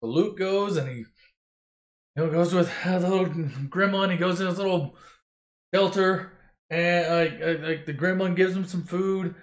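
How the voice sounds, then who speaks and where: A man's voice: sits high, moderate pace. A man doing a comedic, profane retelling of a movie in a rambling, sarcastic way. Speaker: narrator. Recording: echoey room.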